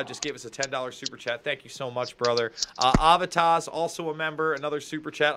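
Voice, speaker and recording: Brief: slightly high male co-host, jokey, rattles off thank-yous. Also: sharp tone, slight background noise. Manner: brisk, jokey, reads out names and thanks. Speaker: podcast co-host reading viewer donations. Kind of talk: casual live-stream chat.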